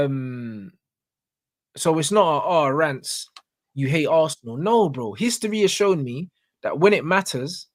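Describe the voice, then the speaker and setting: A man with a London accent ranting about football in casual chat, emphatic and repeating himself. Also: a little high. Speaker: football pundit.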